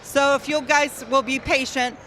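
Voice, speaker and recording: A woman in her sixties hosting an awards ceremony in an indoor gym, projecting her voice loudly to the crowd. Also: high-pitched, little pitch movement, normal speed, slight background noise. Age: 60s. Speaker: event host and organization founder. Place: indoor gymnasium.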